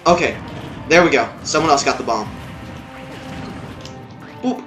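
A young man commentating his own gameplay, swearing, yelling and muttering at the game. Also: on the high side, expressive, a little slow, reverberant, faint music behind. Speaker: let's play gamer.

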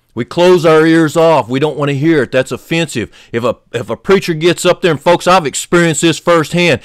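A man preaching a sermon as pastor, fervently, rising loud on key points and dropping low and soft. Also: dry recording, studio quality. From United States.

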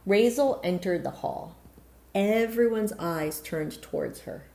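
A woman's voice: mid-range voice, takes it slowly, gravelly, mellow. A woman reading a picture book aloud as a storyteller, stopping now and then to explain words to her listeners.

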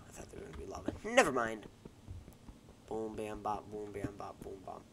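A man's voice: fairly low pitch, expressive, moderate pace. Rambling young man on a headset. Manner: rambling, self-deprecating, joking asides. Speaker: gaming YouTuber. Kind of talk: casual gameplay commentary. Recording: noisy home recording with keyboard clicks.

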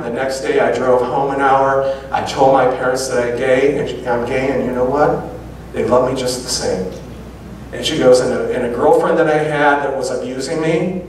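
A man giving a lecture, telling a personal story with lively quoted dialogue. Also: medium pitch, a little hiss or hum. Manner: animated anecdotes with quoted dialogue. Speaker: public speaker. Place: large auditorium. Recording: very echoey hall from far off.

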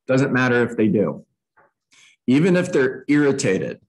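A man's voice: mid-range voice, big pitch swings, unhurried, low-quality recording. A man giving a live training talk to real estate agents, emphatic, often repeating himself and acting out sample phone calls.

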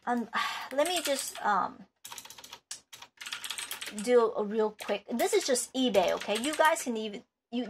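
A woman's voice: mid-range voice, creaky, a little hiss or hum. A woman collector giving unscripted advice in a vlog, rambling and emphatic, with many restarts. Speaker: card collector and video maker.

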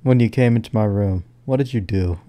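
A man calming and reassuring his brother, firm and insistent. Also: fairly low pitch, brisk, no echo. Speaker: brother of the streamer.

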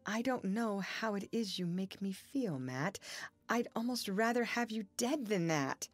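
A troubled young farmer, read by a woman narrator, brooding and full of longing. He speaks in an earnest, pleading way, voiced as audiobook dialogue a little above the reader's usual pitch. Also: animated, measured pace, no room sound, soft background music.

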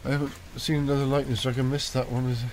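A man's voice: medium pitch, flat delivery, fast, darkish tone, slight background noise. A man at home, filming on his phone and rambling through a casual running commentary to himself with muttered asides. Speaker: vlogger.

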